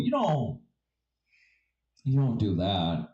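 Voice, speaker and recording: A man's voice: fairly high pitch, animated, normal speed, a little mellow, reverberant, slight background noise, poor audio. A man doing stand-up comedy, telling rambling, profane, self-mocking stories.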